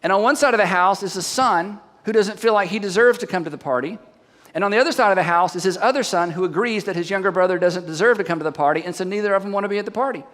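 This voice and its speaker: Here a pastor delivers a sermon in a high, fairly bright voice at a quick pace. He narrates with animation and peppers listeners with rhetorical questions, all wrapped in long hall reverb.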